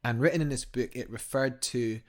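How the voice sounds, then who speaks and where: A man's voice: medium pitch, fairly quick, darkish tone. A young man, a guest climber, telling a story eagerly in a casual interview, rambling with fillers and restarts.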